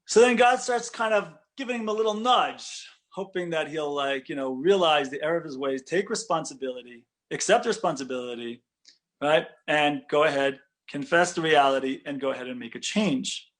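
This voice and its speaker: A man, a rabbi, giving an animated Torah lecture, talking conversationally and often checking in with "right?". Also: on the high side, normal speed. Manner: conversational, with frequent "right?" check-ins and restarts.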